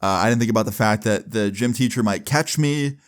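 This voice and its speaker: Guy rambling through a storytime vlog, swears a lot, keeps saying right, voice on the low side. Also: a little fast. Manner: casual, profane, filler-heavy. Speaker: vlogger telling a personal story.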